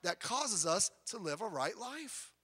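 A man preaches a sermon in a high, bright voice that rings out. He shifts between booming emphasis and quiet asides. His voice carries through the long reverb of a church hall. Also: very animated, a little slow, husky. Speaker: pastor.

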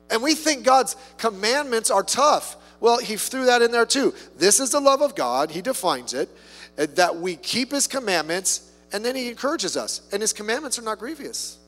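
A pastor with a high, fairly bright voice delivers a sermon in a conversational style, tossing out rhetorical questions and funny asides. The recording carries a long hall reverb.

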